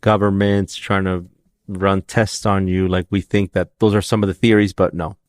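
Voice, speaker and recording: Male podcast co-host, lowish voice, loose jokey rambler, dry close sound. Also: little pitch movement, normal speed, no echo. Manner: rambling, joking, trails off mid-sentence. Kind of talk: casual conversation.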